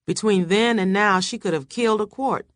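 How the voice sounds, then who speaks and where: A woman's voice: mid-range voice, normal speed, dry recording, studio quality, voice pushed up, close to an everyday voice. A woman reading aloud and voicing a bossy, blunt older housekeeper who barks orders. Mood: muttering. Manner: brusque, commanding.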